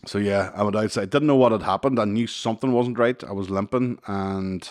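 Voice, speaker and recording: This thirtysomething podcast co-host has a lowish voice and talks fairly quickly. His long, funny story comes out casually and animatedly, packed with swearing and his own laughter along the way.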